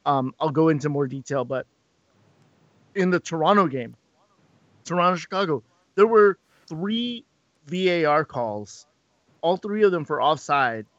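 Male podcast co-host, upbeat and rambling, slightly high voice, dull dry recording. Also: unhurried, long pauses, dry recording. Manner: animated, repeats words when starting sentences. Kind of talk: casual chat. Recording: dull lo-fi sound.

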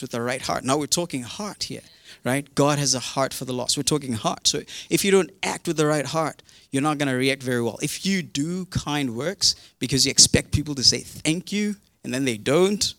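Male preacher giving a sermon, talks fast and animated, repeats himself a lot, dry sound. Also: a little high, no echo. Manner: animated, repeats words, acts out quotes. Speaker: pastor.

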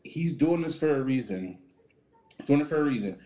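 A man co-hosting a casual podcast chat, animated and joking, swearing freely. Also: mid-range voice, a little fast, lo-fi sound, crowd noise. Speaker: podcast co-host.

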